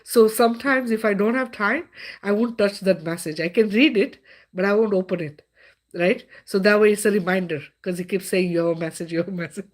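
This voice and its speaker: A woman's voice: mid-range voice, moderate pace. A middle-aged woman hosting a live stream in a casual, chatty way, with many fillers and frequent laughter.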